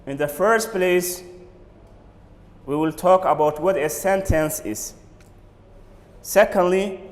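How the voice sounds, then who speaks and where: A man teaching an English pronunciation lesson, drilling words slowly and repeating each one. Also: on the high side, in a large hall. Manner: slow, drilling words with repetition. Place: classroom or studio for a TV lesson.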